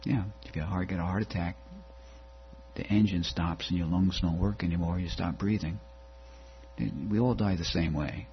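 A man's voice: low-pitched, steady tone, normal speed. A man preaching a dramatic sermon, building into a rhythmic recitation. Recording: dull lo-fi recording with mains hum.

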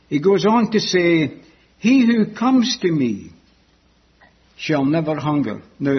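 Slow, emphatic preacher man. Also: a little high, husky. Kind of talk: sermon. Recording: dull lo-fi sermon recording.

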